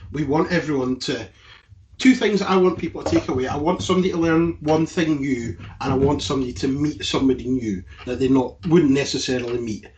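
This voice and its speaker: A man's voice: medium pitch, fairly quick, darkish tone, poor audio. A man hosting a casual chat, eager and keeping the conversation moving. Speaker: host. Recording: faint background noise.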